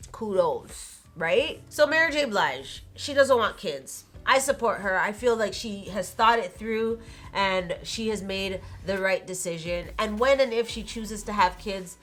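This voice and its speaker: A young woman talks straight to her viewers in a relaxed, opinionated vlog voice, pitched in a middle range for a woman. She chats and laughs easily while she makes her point. Faint music sits under her voice. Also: a little slow. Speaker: vlogger, channel host. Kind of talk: casual talking-to-camera commentary.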